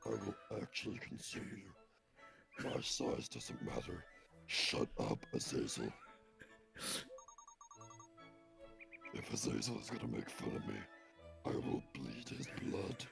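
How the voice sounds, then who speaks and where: Super deep gravelly little king, deadpan and creepy, voice swooping way up and down. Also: unhurried, music in the background, exaggerated voice. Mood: menacing. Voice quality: extremely deep gravelly growl. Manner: deadpan, ominous declarations. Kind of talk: mock dubbing over a game cutscene.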